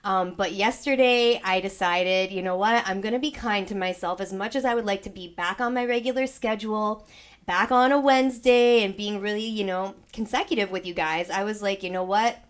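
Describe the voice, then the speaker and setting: A woman's voice: medium pitch, normal speed. Young woman chatting live from her home studio, rambly, acts out what she was thinking, still a bit worn out from being sick. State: recovering from illness, tired. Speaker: sound healing host. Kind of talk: casual chat to a live audience.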